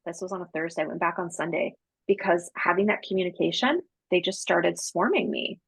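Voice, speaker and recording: Husky, gravelly-voiced woman storyteller. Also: fairly low pitch, fairly quick, no room sound, rough recording. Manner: animated, chatty, slangy, acts out dialogue. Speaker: podcast guest, psychic medium. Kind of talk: casual storytelling interview.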